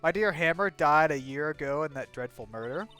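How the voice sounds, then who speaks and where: A man voicing a cranky, nosy old woman from a game who scolds and rambles in a shrill, bossy way. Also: lively intonation, fairly quick, pushed and bright, faint music behind. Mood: scolding.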